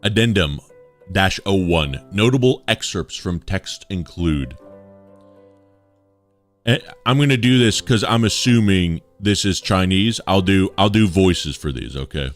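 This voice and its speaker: Deep-voiced casual male streamer. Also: expressive, measured pace, faint music behind. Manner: chatty, reads aloud with asides to chat. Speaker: streamer reading articles aloud. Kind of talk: casual livestream reading.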